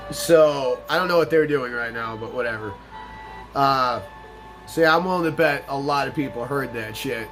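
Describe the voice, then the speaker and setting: A man hosting a let's play, telling a profane work story in an animated, casual way and acting out what people said. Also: medium pitch, measured pace, long pauses, soft background music. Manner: animated, profane storyteller who acts out quotes. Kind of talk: storytelling over gameplay commentary.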